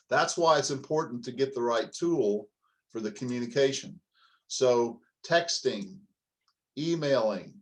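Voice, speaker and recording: Addressing his audience as "folks," a middle-aged man in a mid-range voice delivers a leadership coaching talk meant to motivate. His style is direct and emphatic, packed with rhetorical questions.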